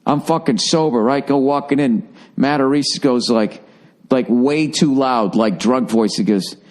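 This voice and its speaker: A man from the Boston area hosting a podcast, telling a rambling, profane story that jumps into high-pitched bursts for emphasis. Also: a little slow, a little mellow. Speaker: podcast host. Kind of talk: casual storytelling monologue.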